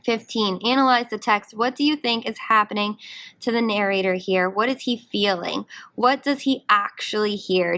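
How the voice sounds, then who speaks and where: A woman's voice: a little high, fairly bright tone. A woman teacher leading a guided reading lesson, conversational, asking her students questions as she explains the text. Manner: conversational, asks the class questions. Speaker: English teacher.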